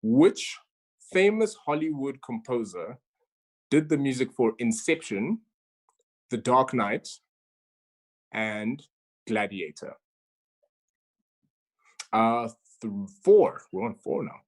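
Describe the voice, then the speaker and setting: A woman's voice: a bass voice, lively intonation, takes it slowly, pauses often, darkish tone. A woman hosting an online quiz over a video call, chatty and stumbling over her words as she reads each question twice. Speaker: quizmaster.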